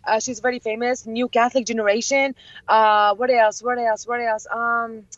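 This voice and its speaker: A young woman and interview guest whose first language is Chaldean, telling excited stories with many laughs and acted-out quotes. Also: on the high side, normal speed, no room sound. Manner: animated, laughs often, acts out quotes. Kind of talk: excited storytelling. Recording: dull lo-fi, dry.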